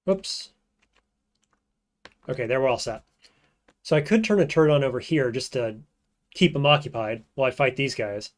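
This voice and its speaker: This man's medium-pitched, brisk voice carries casual commentary as he streams a roguelike, thinking aloud and frequently sinking into quiet mumbling.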